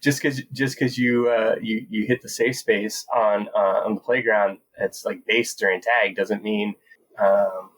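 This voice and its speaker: A man's voice: on the low side, fairly even intonation, measured pace, slight background noise, poor audio. A man co-hosting a casual comic-book podcast, chiming in with agreeable, jokey replies. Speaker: podcast co-host.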